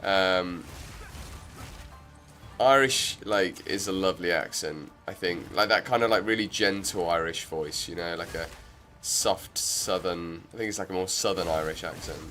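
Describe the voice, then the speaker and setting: A man's voice: deep voice, unhurried, sharp tone, soft background music. A man streaming a game, chatting casually and rambling with lots of filler words. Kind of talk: casual gameplay commentary.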